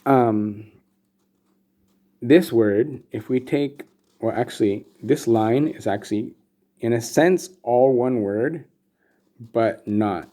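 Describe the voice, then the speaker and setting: A man explaining Sanskrit script and meter as a teacher, relaxed and casual, with many pauses and fillers. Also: mid-range voice. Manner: relaxed, many ums and restarts. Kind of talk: explanatory lesson with slides.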